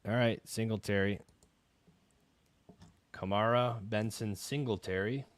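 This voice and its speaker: A man's voice: fairly low pitch, steady tone, measured pace, a little hiss or hum. A man co-hosting a live fantasy football draft stream, chatting casually with dry, laid-back one-word replies. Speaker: podcast co-host.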